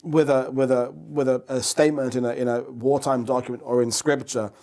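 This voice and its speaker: A man's voice: mid-range voice, little pitch movement, a little fast, gravelly, darkish tone. A man hosting an interview, talking in a rambling way with many restarts. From Essex, England. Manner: rambling, restarts often, gestures at ideas. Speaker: host. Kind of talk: conversational interview.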